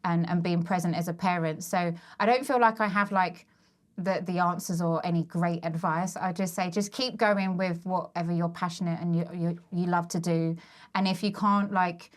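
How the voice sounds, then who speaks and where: A woman in her thirties talks openly as a podcast guest, her voice sitting a little low. She reflects as she goes, in a loose, conversational way. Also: fairly even intonation, normal speed. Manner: candid and reflective, with many fillers and restarts. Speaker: guest, working mother and business owner. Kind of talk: casual chat.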